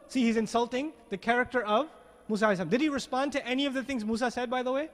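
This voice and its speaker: Male preacher, very high voice, lively storyteller who fires off rhetorical questions, long hall reverb. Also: very fast. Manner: animated, many rhetorical questions. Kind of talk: storytelling sermon.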